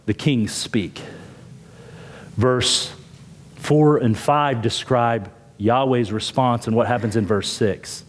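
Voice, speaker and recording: Pastor guy preaching a sermon, mid pitch, emphatic, kinda repeats words as he builds up. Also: breathy edge. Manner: expository teaching, emphatic, repeats words when building a point.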